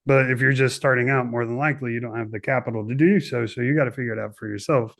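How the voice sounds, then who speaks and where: A man's voice: mid-range voice, steady tone, fast, creaky. A man hosting a podcast interview, casual and enthusiastic. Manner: enthusiastic, upbeat affirmations. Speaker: podcast host.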